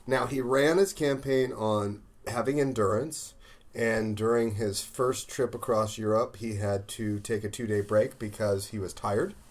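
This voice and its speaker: Male podcast co-host, sardonic, ranting, lowish voice. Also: steady tone, a little slow. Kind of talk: casual chat.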